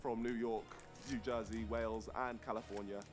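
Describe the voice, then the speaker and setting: A man's voice: lowish voice, level tone, normal speed, over music. A man hosting a party guessing game, questioning players and announcing results in a playful way. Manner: playful, announcing, laughs often. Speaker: game show host.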